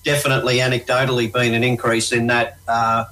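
A man speaking as a guest expert on a radio show from a remote line, brisk and matter-of-fact. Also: medium pitch, level tone, bright, forceful tone, poor audio. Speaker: guest expert on retail security.

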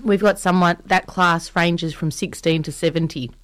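A woman's voice: lowish voice, fairly even intonation, normal speed, no room sound. A woman answering interview questions in casual chat, explaining courses in a friendly way with lots of ums. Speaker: training provider guest.

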